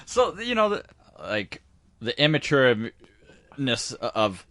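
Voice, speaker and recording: A man's voice: medium pitch, big pitch swings, slow, a bit bright, no echo. A man in his forties co-hosting a podcast in casual chat, rambling loosely with lots of filler words. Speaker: podcast co-host.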